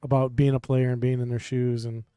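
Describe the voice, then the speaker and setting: A man's voice: medium pitch, little pitch movement, fairly quick, warm tone, clean tone, no room sound, studio quality. A man commentating a pool match casually, laughing easily. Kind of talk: live sports commentary.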